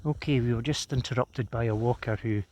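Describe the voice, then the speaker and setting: A man's voice: mid-range voice, brisk, a little hiss or hum. A Scottish man chatting casually to camera as an outdoor vlogger, savoring a brew outdoors on a cold, windswept hilltop. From Scotland. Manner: relaxed, chatty, savoring each moment. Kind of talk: casual outdoor vlog narration.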